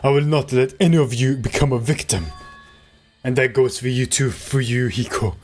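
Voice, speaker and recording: A man's voice: mid-range voice, darkish tone, soft background music, natural voice. A man playing a commanding, self-assured young leader. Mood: stern. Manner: measured, lecturing.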